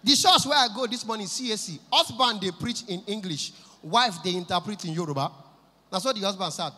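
Bright-voiced Nigerian comedian in a hall. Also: male voice, high voice, fairly quick. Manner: animated, switches between voices for characters, bursts into shouts. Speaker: stand-up comedian. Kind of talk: stand-up comedy set in Pidgin English. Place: large live venue with audience. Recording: echoey hall from a live show.

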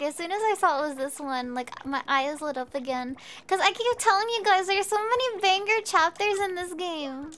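A woman streamer chatting casually with viewers while she plays a game, bubbly and quick to giggle. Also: high-pitched. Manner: bubbly, giggly, easily excited. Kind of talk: casual gameplay chat.

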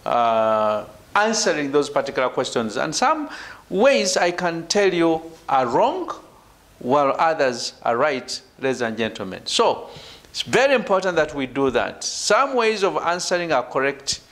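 A man from Uganda giving a university lecture, emphatic, with "right" and "ladies and gentlemen" tagged onto his phrases. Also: very animated, measured pace. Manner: emphatic, falls low at phrase ends. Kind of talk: academic lecture.

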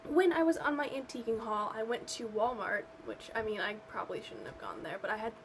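A woman's voice: on the high side, lively intonation, brisk, slight background noise, low-quality recording. A young woman ranting to camera in a vlog, exasperated and sarcastic, rambling with lots of fillers. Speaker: vlogger. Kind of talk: casual rant to camera.

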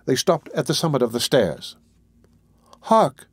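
Brief: man narrating a classic novel, steady and even, dry studio sound. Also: medium pitch, a little fast, breathy edge, no echo. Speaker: audiobook narrator. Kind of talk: scripted narration.

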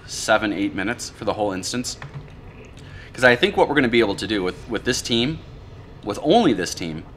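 A man casually commentating his own gameplay, thinking aloud in a relaxed way about plans and strategy. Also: mid-range voice, a little hiss or hum.

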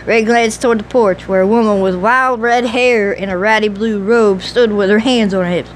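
Woman, audiobook narration, steady measured reading, faint hiss in the background. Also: mid-range voice, low-quality recording. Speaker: audiobook reader.

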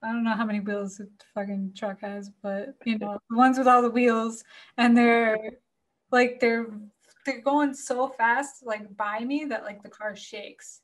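A woman from Florida spins a story in loose podcast chat with a fairly high voice. She talks in an animated rush, leaning on "like" constantly and dropping swear words without a second thought. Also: a little slow. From Florida, USA. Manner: animated, heavy use of "like", swears freely. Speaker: podcast guest.

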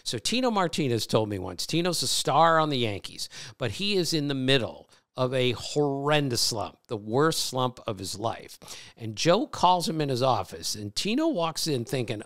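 Man, middle-aged, podcast host, lively pitch, clear resonant voice, storytelling. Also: moderate pace. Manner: animated, laughs often, tells stories. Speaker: podcast host, baseball reporter. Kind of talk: casual chat, storytelling.

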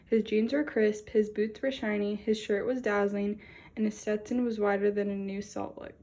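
A woman narrates a children's picture book in a lively storytelling way. Her voice is plain and mid-pitched. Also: normal speed. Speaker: storybook reader. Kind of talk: children's read-aloud narration.

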